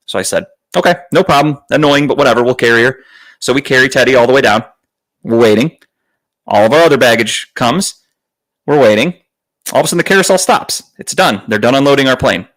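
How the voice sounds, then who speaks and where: Heard on a low-quality recording, this podcast host has a mid-range, slightly bright voice. He recounts a story in a relaxed way, swearing often and sounding fed up, and voices other people's lines loudly.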